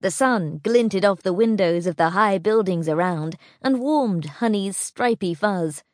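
A woman narrating a children's storybook audiobook in an expressive, storytelling manner. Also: mid-range voice, a little slow, no echo, studio quality.

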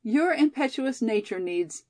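A woman's voice: a little high, measured pace. A woman reading a teasing, prankish college girl. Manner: teasing and lively.

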